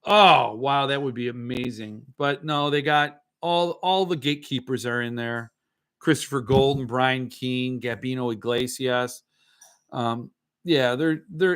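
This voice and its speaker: A man's voice: medium pitch, measured pace, fairly bright tone, clean tone. A man hosting a casual livestream, rambling and swearing as he answers viewer comments, a bit tipsy. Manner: rambling, swearing, self-correcting. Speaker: livestream host.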